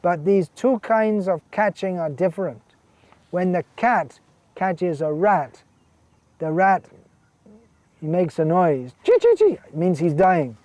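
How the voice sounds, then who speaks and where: A man's voice: high voice, slow pace, pauses often, darkish tone, no room sound. A man giving a scripture lecture as a monk, earnest and emphatic, repeating key words and reading out quotations. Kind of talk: sermon.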